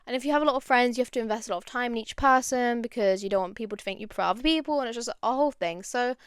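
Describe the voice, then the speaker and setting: Chatty young woman, bright and clear. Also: a little high, very fast, no room sound. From London. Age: young adult. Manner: chatty and animated, going off on tangents. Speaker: podcast host. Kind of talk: casual chat.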